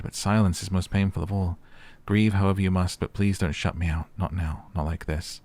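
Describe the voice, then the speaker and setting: A man's voice: deep voice, steady tone, brisk, hardly any pauses, darkish tone. A young man playing through a story game, reading its text messages aloud and chatting casually about what happens. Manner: reads in-game texts aloud between casual remarks; chatty, uses "like" a lot. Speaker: gaming YouTuber. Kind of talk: let's play commentary.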